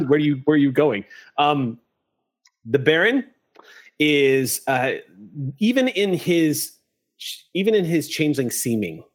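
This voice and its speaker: A man narrating a tabletop game as game master, describing scenes at length with frequent fillers. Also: medium pitch.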